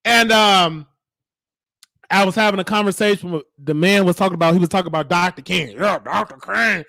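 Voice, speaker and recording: A man hosting a show, telling stories in an animated way and acting out the voices of the people in them. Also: high voice, a little fast, gravelly, no room sound. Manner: animated, acts out quoted voices. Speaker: show host. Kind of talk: storytelling monologue.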